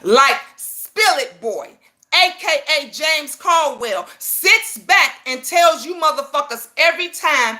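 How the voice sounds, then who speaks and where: A woman's voice: high voice, expressive, slow, pushed and bright. A woman in her fifties, a YouTube commentator, ranting to viewers in a profane, emphatic, confrontational way, often asking if they understand her. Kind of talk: heated personal rant to viewers.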